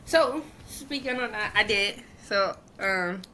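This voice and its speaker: A woman's voice: medium pitch, slow pace, pushed and bright, slight background noise. A woman in her thirties, a guest telling her own story openly and frankly, with lots of "like" fillers. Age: 30s. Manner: open and frank, with many filler likes. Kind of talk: candid personal storytelling.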